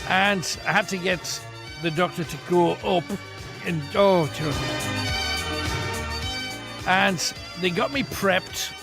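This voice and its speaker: A chatty, joking man hosts a late-night radio phone-in, his voice pitched high. He coaxes callers along in a loose, friendly patter. Music plays clearly behind him. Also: slow pace, pauses often. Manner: chatty, jokey, coaxing.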